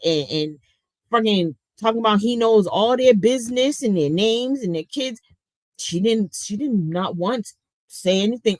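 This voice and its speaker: Woman, middle-aged, livestream host; slow, blunt, sarcastic, cusses a lot, dry close sound. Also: a little high, dry recording, low-quality recording. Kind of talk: casual livestream commentary, reading chat.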